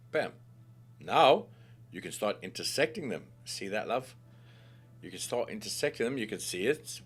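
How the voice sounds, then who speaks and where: Playful low-voiced man teaching software. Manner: playful, chatty, jokey asides; calls the viewer mate and love. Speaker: tutorial host. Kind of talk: screen-recorded software tutorial.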